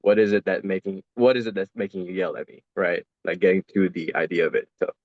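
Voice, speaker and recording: A man in a sales coaching group on a video call, speaking casually with many fillers and pauses. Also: sits low, no room sound. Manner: casual, hesitant, lots of fillers. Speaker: real estate agent in the coaching group. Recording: dry tinny call audio.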